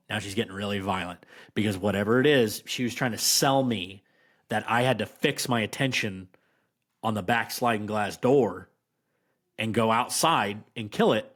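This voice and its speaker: A man guest on a podcast, telling a personal story in a casual, rambling way, with restarts and slow emphatic stresses. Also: lowish voice, a bit bright.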